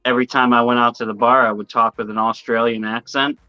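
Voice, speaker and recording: Guest, male, bright and forceful, dry and slightly dull lo-fi sound, loose and profane. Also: mid-range voice, flat delivery, quick pace, smooth, no echo. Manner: rambling storyteller, swears casually. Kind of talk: casual interview chat.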